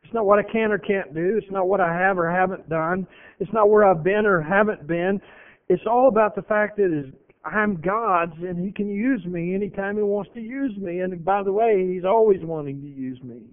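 High-voiced preacher on tinny radio. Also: male voice, normal speed, smooth. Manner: earnest, emphatic, repeats phrases. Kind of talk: sermon. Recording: tinny phone-like radio broadcast.

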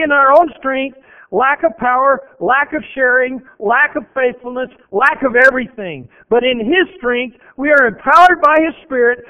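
A male preacher delivers an earnest, emphatic sermon in a very high voice, repeating phrases to drive points home. The sound is thin and tinny, like a radio broadcast carried over a phone line.

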